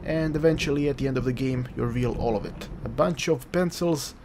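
A man's voice: mid-range voice, fairly quick, a little mellow, slight background noise. Man joking through a horror game. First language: Croatian. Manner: jokey, rambling, talks to the game. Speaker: let's play gamer. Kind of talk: casual gameplay commentary. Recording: game music behind.

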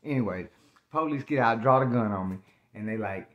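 A man with an ordinary middle-pitched voice tells his story in loose, slangy talk. He gets animated and acts out moments with sudden loud outbursts. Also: a little fast, muffled recording. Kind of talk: casual spoken storytelling.

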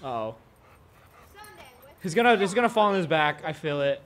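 Excitable reaction host with lively pitch. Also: moderate pace. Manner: excitable, laughs often, talks to own dogs. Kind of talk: casual commentary on clips.

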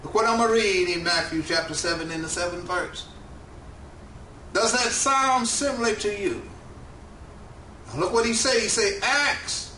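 Preacher man, slow and emphatic, bright voice bouncing around a big echoey room, mic kinda far off. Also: high voice, a little hiss or hum. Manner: slow, emphatic preaching with rising and falling cadence. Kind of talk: sermon. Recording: echoey room, mic at a distance, faint ambience.

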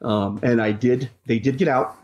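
Here a rideshare driver casually recounts stories in an interview, stopping and restarting and filling gaps with fillers. His voice is medium in pitch, slightly mellow and fairly even, at a moderate pace, captured on a dull lo-fi recording.

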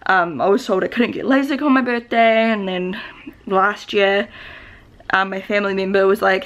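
A young New Zealand woman with a New Zealand accent rambles to the camera in a confessional vlog, upset and fighting back tears. Her mid-range voice has fairly even intonation at a normal speed, full of "likes" and restarts.

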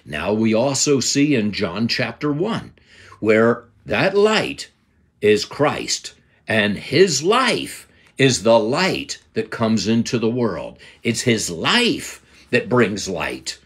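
An older man with a slightly husky voice, giving a Bible lesson in an emphatic preaching cadence and quoting scripture. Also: medium pitch, sing-song, slow, a bit bright. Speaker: Bible teacher.

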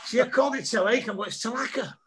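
A man's voice: very high voice, quick pace, a bit bright, slight background noise. A middle-aged man, a comedian guest telling rambling anecdotes over a video call and laughing often. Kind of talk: casual storytelling chat over a video call.

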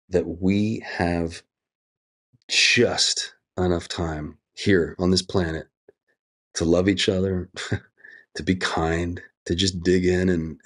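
A middle-aged man with a deep, low voice talks as an interview guest. He speaks earnestly and reflectively, slipping into lively quoted asides now and then.

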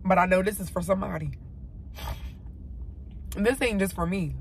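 A woman talking to camera in her parked car, tearful and heartfelt, swinging between loud exclaiming and soft, near-whispered words. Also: mid-range voice, moderate pace, a little hiss or hum. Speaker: vlogger. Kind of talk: emotional faith vlog, talking to camera.

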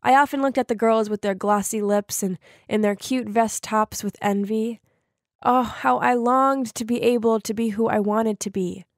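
A woman narrating a first-person animated story in a confessional, conversational way. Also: on the high side, moderate pace, dry recording, clean studio sound.

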